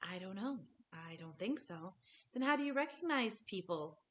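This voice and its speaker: A woman voicing a young boy with a facial difference, asking high, earnest, pleading questions. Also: expressive, normal speed, a bit bright, a little hiss or hum, natural voice. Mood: curious.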